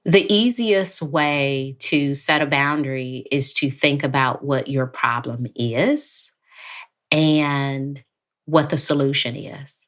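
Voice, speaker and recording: A woman guest on a podcast interview, talking calmly and evenly, sometimes acting out quoted lines. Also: rumbling low. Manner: calm, measured, acts out quoted lines. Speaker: therapist guest.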